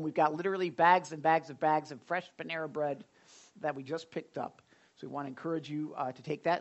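A man's voice: a little high, muffled recording. A man leading a church service as pastor, giving announcements in a chatty, rambling way with many fillers and some self-deprecating jokes. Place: church sanctuary during a service.

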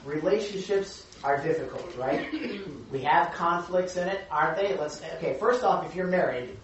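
A man preaching a sermon to a congregation, his voice hoarse and raspy, talking in an earnest, conversational way with many fillers. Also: high voice, moderate pace, slight background noise. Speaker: pastor. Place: church hall. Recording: echoey hall from a distant mic, dull.

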